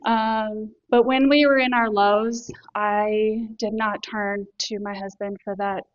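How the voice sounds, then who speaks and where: A woman's voice: medium pitch, little pitch movement, takes it slowly, dry recording, lo-fi sound. Matter-of-fact woman telling her story. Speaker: workshop participant sharing testimony. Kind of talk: personal testimony.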